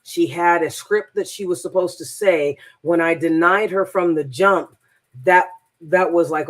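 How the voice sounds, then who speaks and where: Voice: mid-range voice, unhurried, fairly bright tone. A transformational coach telling a personal story in a rambling, emphatic monologue, often repeating words.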